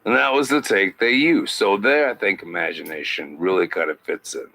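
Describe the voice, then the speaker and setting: A man doing a satirical impression of an older male actor as a podcast guest, speaking in halting phrases with odd pauses. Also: sits low, creaky, bright, forceful tone, exaggerated voice, rough recording. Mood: musing.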